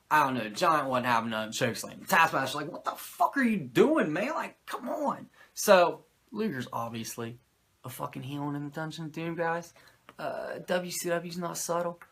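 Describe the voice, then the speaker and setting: A man hosting a podcast, recapping a show in animated, profane, sarcastic casual chat. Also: a little high. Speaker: podcast host recapping wrestling.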